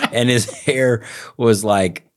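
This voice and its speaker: A man with a Texas accent, co-hosting a podcast and telling a story in a casual, animated way, acting out the lines he quotes. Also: mid-range voice. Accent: Texan. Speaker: podcast co-host.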